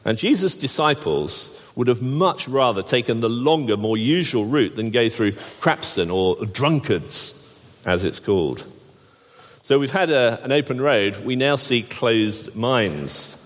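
A man's voice: medium pitch, lively intonation, unhurried. A man preaching a sermon, with wry, jokey asides and frequent restarts. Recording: long hall reverb.

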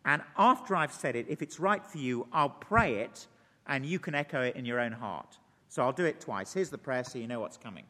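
A man preaching a sermon in a church service. He makes earnest, pleading appeals and slows to a deliberate pace when leading a prayer. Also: mid-range voice, expressive, bright, forceful tone. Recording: long church hall reverb.

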